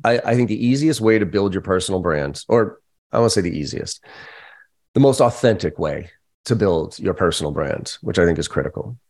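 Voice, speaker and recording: A middle-aged man, a podcast guest and sales trainer, telling lively stories in casual, profane chat. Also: deep voice, a little fast. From United States. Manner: animated storyteller, casual and profane, acts out quoted voices.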